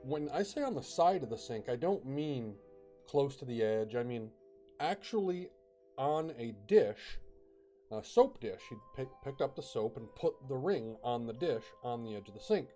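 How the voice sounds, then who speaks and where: A man's voice: mid-range voice, expressive, moderate pace, dark tone, faint music behind. A man casually telling a ghost story, chatty, with fillers and bursts of dramatic emphasis.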